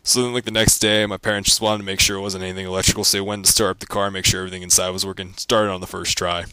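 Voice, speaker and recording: A young man ranting casually about his life as a vlogger, rambling with lots of fillers and deadpan jokes. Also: sits low, very fast, clear, resonant tone, no echo.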